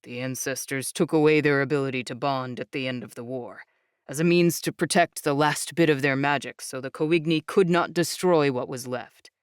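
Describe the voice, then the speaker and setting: A woman voicing a calm young man who patiently explains things in a low, measured voice. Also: smooth, no room sound, studio quality. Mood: explaining.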